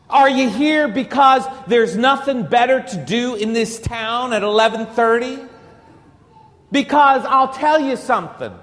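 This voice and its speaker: Man, Catholic priest, sermon; high-pitched, rhetorical, humorous, church-hall echo. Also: fairly bright tone. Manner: emphatic, rhetorical, joking.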